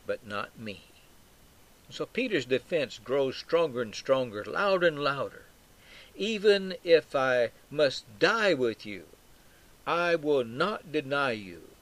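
A man's voice: medium pitch, a bit bright. A man teaching through a Bible passage in an expository sermon, stressing quoted lines with emphatic swells. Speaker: preacher.

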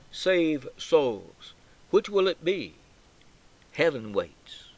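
Slow, solemn male preacher. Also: mid-range voice, poor audio. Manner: slow, solemn, emphatic delivery with dramatic pauses; swells loud on key words and drops to a near whisper at phrase ends. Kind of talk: sermon.

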